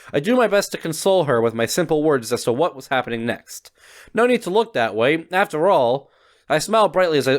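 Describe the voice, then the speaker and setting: A young man reading a visual novel aloud as a gaming YouTuber, stumbling over words, laughing at his misreads and swearing casually. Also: a little high.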